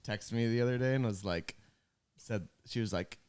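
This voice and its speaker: A man chatting as a podcast guest, animated and jokey, laughing easily as he tells stories. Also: fairly low pitch, moderate pace, smooth, no echo. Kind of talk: casual podcast chat.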